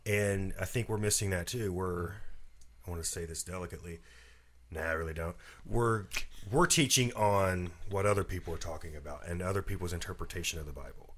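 A man's voice: low voice, fairly quick, slight background noise. A man co-hosting a podcast in casual chat, rambling through stories with chuckling asides. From southern West Virginia. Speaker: podcast co-host.

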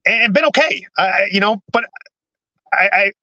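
High, bright-voiced man in halting talk. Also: lively intonation, no echo, lo-fi sound. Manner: halting, frequent restarts and repeated words. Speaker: podcast guest. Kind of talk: candid personal storytelling.

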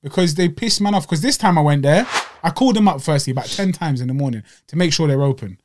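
A young man co-hosting a podcast in loose, slang-heavy chat. He tells stories with energy, his slightly high voice climbing when something annoys him. The studio sound is close. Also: fast talker, noisy background. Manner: animated storytelling with slang, voices rising when riled. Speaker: podcast co-host. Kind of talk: casual chat. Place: small home studio.

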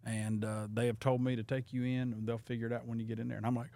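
Dude, mid-pitched voice, jumpy self-mocking storyteller, dry close sound. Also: male voice, quick pace, creaky, dry recording. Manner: self-deprecating, excitable storyteller. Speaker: evangelist guest. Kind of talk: casual storytelling.

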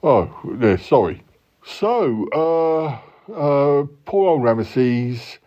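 Gruff, low-voiced yeti uncle , put on by a man, who rambles through stories full of ums and restarts. The tone is dark and mellow. The recording sounds a little muffled. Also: sing-song, extremely slow. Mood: rambling. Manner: waffly, full of fillers and restarts.

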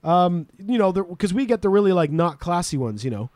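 A young man from Canada runs this podcast in loose, laughing banter, swearing as he goes. His voice sits high for a man. The sound is dry and close. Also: big pitch swings, brisk, a little mellow, no room sound. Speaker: podcast host.

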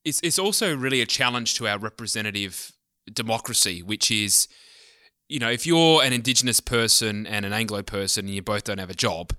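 Australian male interview host, very bright and forceful tone, lowish pitch, asks long questions. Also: expressive, brisk, no echo, studio quality. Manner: affirming, then poses long questions. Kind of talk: political interview.

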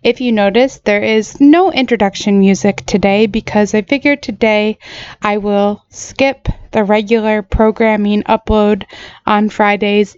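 A woman hosting a solo podcast, speaking earnestly with a smooth, resonant voice that sounds choked up. She talks in halting, apologetic bursts into a dry, close mic, and the sound is a little dull and lo-fi. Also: mid-range voice, no echo. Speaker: podcast host.

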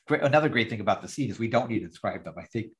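Podcast host, male, casual recap talk, very animated pitch. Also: rapid-fire. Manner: animated, acts out lines in the retelling. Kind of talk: casual chat, recapping a sitcom scene.

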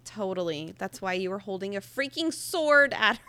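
A woman's voice: mid-range voice, animated, normal speed, pushed and bright. A woman hosting a casual chat, reading passages aloud and laughing often between her comments. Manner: giggly, reads excerpts between asides. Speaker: podcast host recapping a book.

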